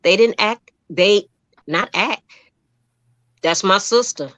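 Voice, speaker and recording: A woman's voice: medium pitch, takes it slowly, no echo. A middle-aged woman, a guest in an interview, telling her story in a heartfelt, emphatic way and acting out the voices of the people in it. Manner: animated storyteller who acts out quoted dialogue.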